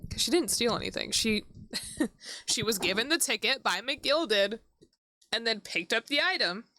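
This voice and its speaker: A woman streaming a game, reading its dialogue and reacting, excitable and giggly, sometimes swearing. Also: on the high side, unhurried, slight background noise. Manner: excitable and giggly, swears, talks to her dog. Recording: clear background music.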